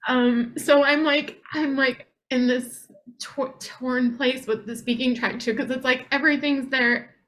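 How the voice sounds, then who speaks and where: A high-voiced woman talks through her uncertainty on a video call. She rambles and hesitates, leans on fillers, and keeps questioning herself. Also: steady tone, measured pace, fairly bright tone. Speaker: group call participant. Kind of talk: casual personal sharing.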